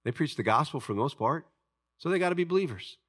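A man preaching with dramatic swings in loudness and pitch, rising into near-shouted high passages and then dropping to quiet, low tones. He acts out the voices of people in his stories as he preaches. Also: animated, fast talker. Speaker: pastor. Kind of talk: sermon.

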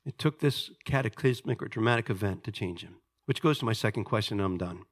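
A man preaching a sermon in a conversational, animated way, swinging from loud emphasis to hushed asides and rhetorical questions. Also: fairly low pitch, normal speed.

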